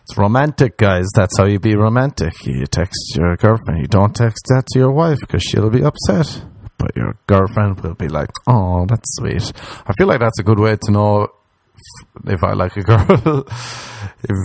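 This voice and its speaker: A man from Ireland with an Irish accent, doing a crude comedic monologue that rambles and jumps into silly squeaky voices. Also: expressive, normal speed, vocal fry, darkish tone.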